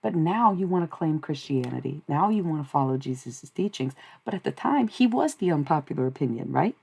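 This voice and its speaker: Streamer, woman, casual profane monologue; husky voice with vocal fry. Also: low voice, animated, fairly quick, darkish tone. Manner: swears freely, chatty and rambling. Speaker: livestreamer channeling spirits.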